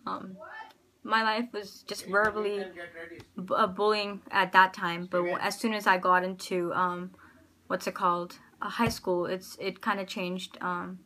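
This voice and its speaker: A woman with an American accent, telling personal stories to camera in a casual vlog, rambling and hesitant with many pauses and restarts. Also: lowish voice, level tone, pushed and bright. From United States. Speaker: vlogger.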